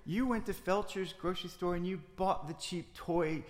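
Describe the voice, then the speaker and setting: A man's voice: medium pitch, fairly quick, in a large hall, close to an everyday voice. A man playing a pompous Scandinavian security guard. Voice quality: haughty, indignant, formal phrasing. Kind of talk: improvised comedy audio drama.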